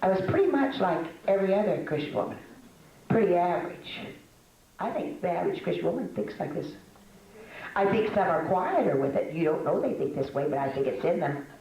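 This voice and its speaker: An older woman with a fairly low voice talks to a room of women in a folksy, self-mocking way. She laughs often and stumbles through fillers. The room gives her voice a clear echo. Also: animated, a little fast, noisy background. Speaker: speaker at a women's meeting. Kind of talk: conversational talk to a women's audience. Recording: echoey room.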